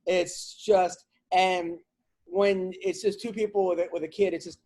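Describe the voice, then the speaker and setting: A comedian hosting a podcast vents in a casual chat, animated and rambling in a comic way, restarting his sentences often. His voice is high and his pace unhurried.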